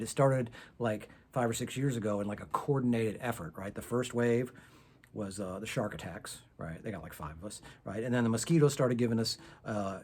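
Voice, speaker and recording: A middle-aged man doing a profane, sarcastic stand-up set to a camera on his back porch outdoors, with no audience. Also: medium pitch. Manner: sarcastic, ranting, profane, rising to loud outbursts. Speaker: stand-up comedian.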